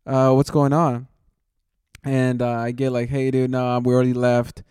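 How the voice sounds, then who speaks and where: A man's voice: mid-range voice, monotone, moderate pace, a little mellow, clear, resonant tone, no room sound, clean studio sound. A young man telling a long story in casual chat, rambling and saying "dude" constantly, often laughing at himself.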